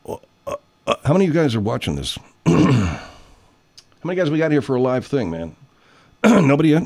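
A man in his sixties hosting a live stream, rambling in profane, animated casual chat. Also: mid-range voice, moderate pace, vocal fry, long pauses.

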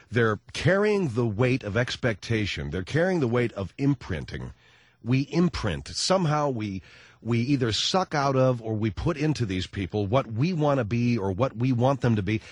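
A male radio host with a husky, raspy tone and a pitch that swings widely as he rambles. His delivery is sardonic and self-mocking. The mic sound is close and dry. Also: sing-song, normal speed, no room sound. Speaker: radio talk show host. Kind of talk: comic talk radio monologue.

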